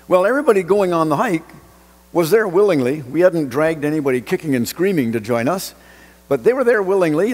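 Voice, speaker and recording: A man preaching in a church sanctuary, his fairly high voice carrying a long hall reverb. He reads scripture, then turns to storytelling, pushing his pitch up and down to act out the lines he quotes. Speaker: pastor. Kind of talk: sermon.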